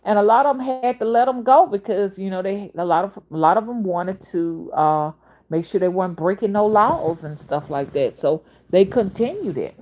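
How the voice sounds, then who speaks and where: A woman's voice: mid-range voice, lively intonation, moderate pace, darkish tone. A woman in her fifties with a Southern accent, talking in a casual, rambling monologue that jumps between topics. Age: 50s. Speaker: spiritual reader and channel host.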